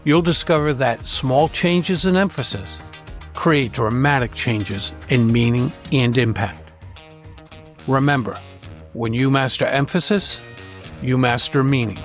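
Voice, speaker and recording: Man teaching with deliberate word stress. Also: medium pitch, soft background music. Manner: clear, measured delivery with deliberate stress on key words. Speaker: public speaking trainer. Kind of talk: scripted podcast lesson.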